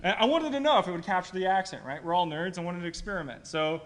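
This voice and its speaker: Chatty man running a quick tech demo. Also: high-pitched, fairly bright tone. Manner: quick and chatty, keeps asking "right?". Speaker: presenter at a video editors' meetup. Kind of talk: casual live tech demo. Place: meeting room at a live user-group meet.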